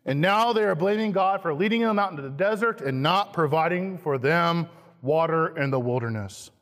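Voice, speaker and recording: A man, a pastor, preaching a sermon slowly and emphatically, acting out quoted lines with dramatic stress. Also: a little high, animated, fairly bright tone. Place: church sanctuary. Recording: long hall reverb, church sanctuary.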